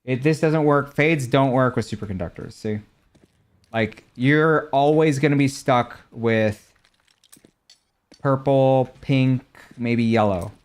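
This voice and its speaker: A man's voice: mid-range voice, slow pace. A young man streaming a game, chatting casually and answering viewers' questions about gear and ranks. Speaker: gaming streamer. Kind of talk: casual chat while showing game skins.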